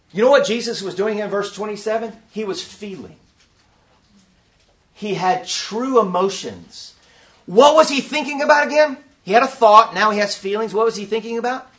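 A man leading an interactive teaching session at a conference, quizzing his audience in an animated way. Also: high voice. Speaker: workshop teacher.

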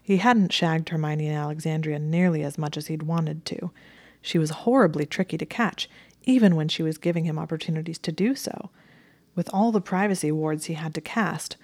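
Female audiobook reader, steady and measured, low pitch, dry studio sound. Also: no room sound. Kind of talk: audiobook narration of fan fiction.

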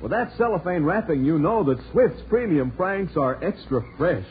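Man as a persuasive salesman, sing-song pitch, tinny old radio ad. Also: animated, normal speed, slight background noise, natural voice. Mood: eager. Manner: eager and persuasive. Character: eager, smooth-talking salesman. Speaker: announcer in an ad. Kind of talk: 1940s radio ad acting.

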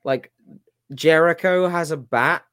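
A man's voice: a little high, slow, smooth, no echo. Man chatting casually, dry sound. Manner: rambling, restarts, animated impressions. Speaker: podcast co-host. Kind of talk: casual wrestling chat.

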